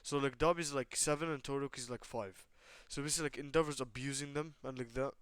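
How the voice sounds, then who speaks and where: A man's voice: medium pitch, fairly even intonation, quick pace, fairly bright tone, clean tone, dry recording. Rambling teenage boy retelling a fan story. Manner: rambling, many fillers like "basically" and "like". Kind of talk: casual fan-fiction retelling.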